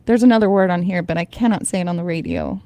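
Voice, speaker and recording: A woman's voice: fairly low pitch, wildly swooping pitch, fast talker, warm tone. A woman hosting a radio morning show, chatting casually and reading items aloud with frequent laughter. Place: radio studio. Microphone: studio microphone.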